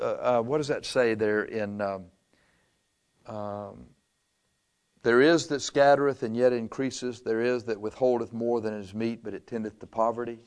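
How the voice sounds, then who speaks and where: A man's voice: medium pitch, clear, resonant tone. A male pastor preaching a sermon in a conversational way. He chuckles often and reads scripture aloud.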